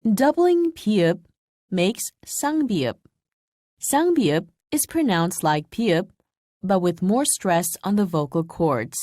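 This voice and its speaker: A woman reads a language lesson script with clear, measured explanations. Her pitch moves in a lively way through each sentence. The recording is dry and close, like a studio voice-over. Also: no echo. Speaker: language instructor. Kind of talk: scripted instructional narration.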